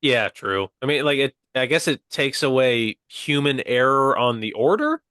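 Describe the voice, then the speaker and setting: A young man co-hosting a comedy podcast, telling a funny story in a casual, animated way with a lot of laughing. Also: mid-range voice, moderate pace, smooth, dry recording, studio quality. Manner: animated, quotes people in put-on voices, laughs often. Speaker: podcast co-host. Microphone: video call.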